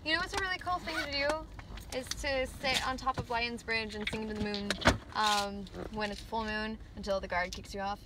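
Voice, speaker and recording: A woman's voice: on the high side, moderate pace, very noisy. A woman chatting casually with a Valley Girl style, full of "like" and "um". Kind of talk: casual chat.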